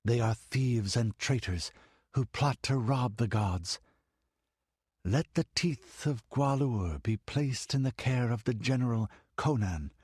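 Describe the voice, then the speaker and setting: A man's voice: medium pitch, animated, slow, darkish tone, husky, dry recording, clean studio sound. A man voicing a young woman who poses as a goddess, speaking in a cold, detached, impersonal way. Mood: imperious.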